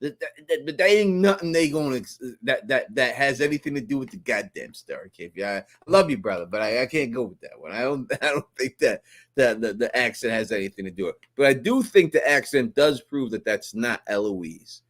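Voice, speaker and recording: A man co-hosting a live stream in casual chat, animated and slangy, laughing often. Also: medium pitch, fairly quick.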